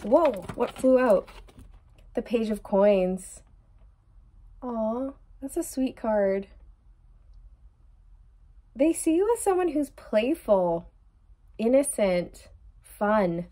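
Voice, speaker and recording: A woman's voice: fairly high pitch, expressive, extremely slow, pauses often, warm tone. A young adult woman giving a chatty tarot reading straight to her viewer, laughing often and calling her girl. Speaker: tarot reader.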